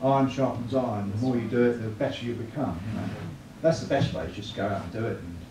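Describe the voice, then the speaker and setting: A man's voice: lowish voice, fast. A man giving a church evangelism talk, chatty, often asking the room tag questions. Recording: echoey room, mic far off, clear noise.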